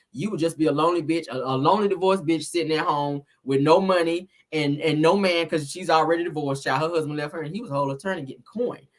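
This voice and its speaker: A woman hosting a celebrity gossip commentary, blunt, profane and sassy as she reads viewer comments. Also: sits low.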